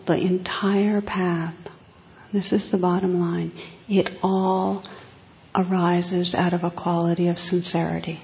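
A woman meditation teacher giving a dharma talk, speaking slowly and softly with reflective pauses. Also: fairly low pitch. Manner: slow, soft, reflective, with long pauses. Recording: echoey hall, dull lo-fi sound.

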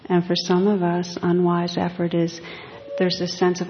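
A woman meditation teacher giving a dharma talk, speaking slowly and softly with reflective pauses. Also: on the low side, monotone. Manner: slow, soft, reflective, with long pauses. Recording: echoey hall, dull lo-fi sound.

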